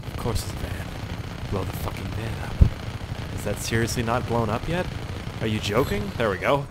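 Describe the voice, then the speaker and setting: Lively, swearing young gamer. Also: male voice, fairly low pitch, moderate pace, noisy background. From Canada. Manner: rambling, swears a lot, yelps and shouts at the game. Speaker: gaming YouTuber. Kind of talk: casual gameplay commentary.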